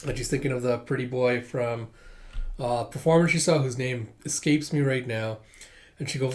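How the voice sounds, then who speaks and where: A man's voice: medium pitch, fairly even intonation, moderate pace, a little mellow. A man reading a manga aloud in a casual way, narrating panels, laughing and making profane asides. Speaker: manga reader and commentator. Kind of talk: casual manga read-through.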